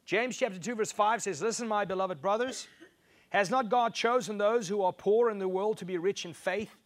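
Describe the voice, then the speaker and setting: Male preacher, fairly high voice, emphatic and repetitive in delivery. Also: moderate pace. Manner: emphatic, repeats key phrases, rises in pitch to stress points. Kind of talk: sermon.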